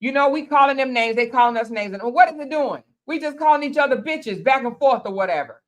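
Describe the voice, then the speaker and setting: A woman's voice: high voice, expressive, quick pace, dull audio. A woman hosting a casual group chat, talking bluntly, cursing freely and repeating phrases for emphasis. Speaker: panel host.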